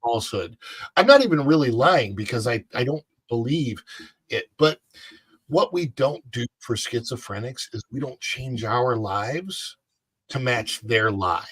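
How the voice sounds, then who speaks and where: A man's voice: mid-range voice, lively intonation, measured pace, a bit bright, breathy edge, dry recording. A man co-hosting a casual chat show, talking in a rambling, opinionated way with lots of restarts. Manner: rambling, many fillers and restarts. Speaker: co-host.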